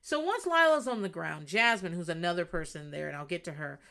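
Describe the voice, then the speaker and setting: A woman hosting a podcast, telling a reality show recap in a casual, animated way, acting out quotes and swearing freely. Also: on the low side, brisk, vocal fry. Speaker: podcast host.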